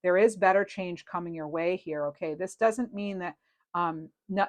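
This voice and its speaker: A woman's voice: lowish voice, normal speed. A woman reading tarot cards in a casual, rambling and reassuring way, with many fillers. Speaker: tarot reader.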